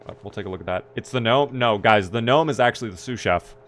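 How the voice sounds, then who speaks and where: A man's voice: lowish voice, quick pace, a bit bright. A man casually commenting on his gameplay on a live stream, chatty and playful, joking with his chat.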